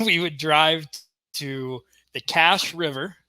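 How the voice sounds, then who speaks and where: A young man co-hosting a podcast, telling a story in casual chat and acting out the shouted quotes. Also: a little high, takes it slowly, crowd noise. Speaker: podcast co-host.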